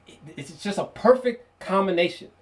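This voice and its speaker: A man talks through an album review in a loose, excitable way, swearing freely and breaking into laughs. His voice sits a little higher than most men's, and he often stops and restarts mid-thought. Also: moderate pace. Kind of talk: casual video review.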